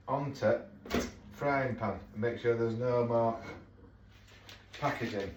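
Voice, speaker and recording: A man's voice: medium pitch, slow pace, long pauses. A man with a Yorkshire accent chatting casually as he cooks at home, rambling off into jokey asides. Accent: Yorkshire English. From Yorkshire, England. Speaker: home cook vlogger. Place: home kitchen. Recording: echoey kitchen, mic far off, noisy.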